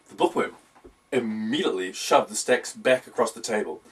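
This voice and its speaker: A man's voice: on the low side, normal speed. Man reading a whimsical story, wry. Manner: wry, playful. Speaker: audiobook reader. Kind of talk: scripted storybook narration. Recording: voice distant from the mic.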